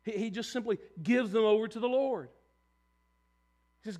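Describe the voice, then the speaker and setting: Male pastor, high voice, earnest conversational preaching with restarts. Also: normal speed, darkish tone. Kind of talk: sermon.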